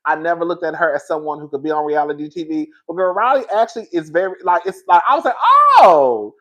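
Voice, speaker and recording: On lo-fi audio, a man with a fast, high-leaning voice gives a casual, dramatic take on a reality show. Animated and storytelling, he repeats things for emphasis, swears freely, and calls his listeners "girl."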